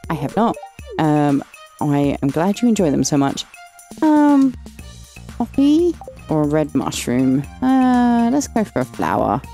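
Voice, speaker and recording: A woman's voice: sits low, sing-song, a little slow, warm tone, soft background music. An English woman giving casual, chatty commentary while playing and reading game dialogue aloud, affectionately calling characters "lovely". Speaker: gaming channel host.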